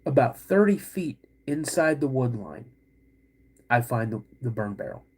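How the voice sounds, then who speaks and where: A middle-aged man hosting a podcast, telling a personal story in an animated way, acting out quoted voices and calling his listeners "guys". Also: mid-range voice, unhurried, slightly rough. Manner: acts out quoted voices of his dad and himself. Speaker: podcast host.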